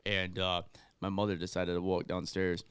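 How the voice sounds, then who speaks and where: A young man telling rowdy stories in a casual podcast chat, doing loud mocking voices when he quotes people. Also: low-pitched, monotone, moderate pace, smooth, dry recording. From Ohio. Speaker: podcast guest.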